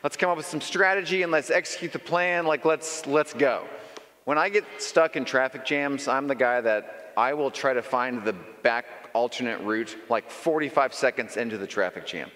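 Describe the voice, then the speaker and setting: A man preaching a sermon in a lively, conversational storytelling manner. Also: mid-range voice, normal speed. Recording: long reverb in a large hall.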